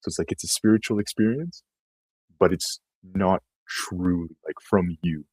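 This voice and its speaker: A man's voice: deep voice, moderate pace, darkish tone, husky, no room sound, low-quality recording. A man who is a guest in a casual conversation, telling a rambling story whose sentences trail off.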